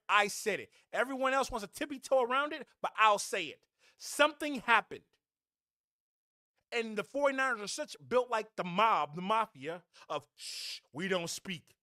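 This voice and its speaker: A fired-up man runs his fan podcast with a high, bright voice that cuts through. He talks in a blunt, preachy, heated way. The sound is close and dry, with no room around it. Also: very animated, normal speed, dry recording. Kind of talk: opinionated sports rant.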